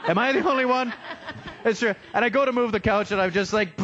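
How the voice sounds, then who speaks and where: A young man with a high, fairly bright voice talks fast during a live stand-up set on a restaurant stage, with the highs cut off in the audio. His comedy is self-deprecating and jokey, and he acts out quoted voices as he goes.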